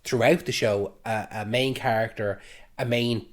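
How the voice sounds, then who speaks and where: A man's voice: mid-range voice, steady tone, unhurried. A man co-hosting a casual podcast, rambling and trailing off with filler phrases. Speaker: podcast co-host.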